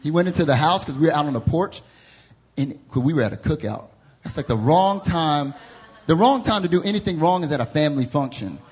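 Young Southern man preaching, husky slightly high voice, animated storyteller in a church service. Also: brisk. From American South. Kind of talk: storytelling sermon. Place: church service before a congregation.

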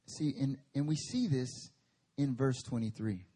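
A man's voice: medium pitch, big pitch swings, unhurried, dark tone. A male pastor preaching a sermon at a church service, conversational with emphatic bursts.

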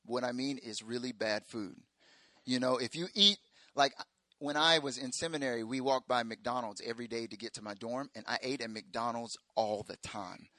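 Bright, lively young male preacher. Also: moderate pace, no room sound. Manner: animated, jokey, acts out quotes in high voices. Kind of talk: sermon storytelling.

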